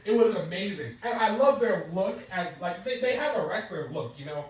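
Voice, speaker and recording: A woman's voice: medium pitch, normal speed, roomy sound, rough recording. A woman giving a casual wrestling show review, ranting with lots of swearing. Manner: profane, animated ranting.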